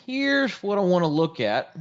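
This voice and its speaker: A man's voice: sits high, very animated, a little slow, smooth, lo-fi sound. A man presenting a live trading webinar, chatty and jokey, greeting viewers in the chat as he goes.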